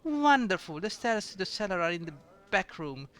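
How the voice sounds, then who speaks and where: A man's voice: high-pitched, sing-song, normal speed, a bit bright, clean tone, voice pushed up. A man voicing a sweet, fussy middle-aged woman who runs a tavern, reading game dialogue aloud. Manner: fussy, calls the listener dearie.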